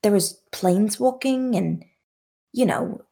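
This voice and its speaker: A woman's voice: medium pitch, measured pace, gravelly, dark tone. A woman player in a tabletop role-play game, chatty and rambling, describing her character's actions.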